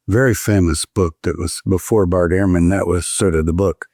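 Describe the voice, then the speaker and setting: Older guy in his 70s spinning stories, deep-ish voice, dry recording, acts out quotes. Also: unhurried, no echo. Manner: lively, quotes others in voiced asides. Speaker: guest scholar. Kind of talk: anecdotal storytelling in conversation. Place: indoors, in-person conversation.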